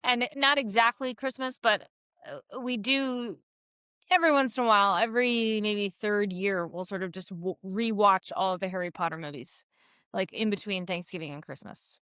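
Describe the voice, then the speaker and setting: A woman co-hosting a podcast, speaking in a thoughtful, measured way with hesitant restarts. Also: medium pitch, bright, forceful tone, clean tone, no echo, clean studio sound. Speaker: podcast co-host. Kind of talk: casual conversational chat.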